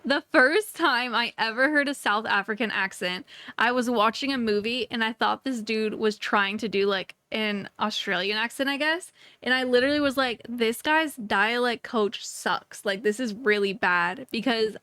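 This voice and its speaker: A woman's voice: a little high, moderate pace, pushed and bright, no echo, clean studio sound. A young woman from Northern California co-hosting a podcast, chatty and playful, often giggling. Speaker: podcast co-host. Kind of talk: casual chat.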